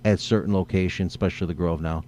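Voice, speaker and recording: Low-voiced man telling a long story. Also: steady tone, fast talker, darkish tone, a little hiss or hum. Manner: rambling, restarts, acts out inner dialogue. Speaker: guest. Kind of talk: casual conversation.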